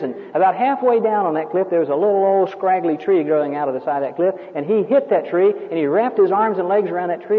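A man with a high voice preaches emphatically, telling stories and firing rhetorical questions at his listeners. The recording is thin and phone-like, and a long hall reverb hangs behind his words. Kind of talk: sermon.

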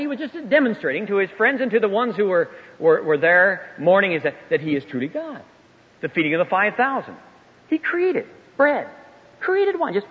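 An older man preaching a sermon in a folksy, emphatic way, his voice swinging up and down. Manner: animated, swooping pitch, folksy and emphatic. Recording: echoey hall, dull lo-fi sound.

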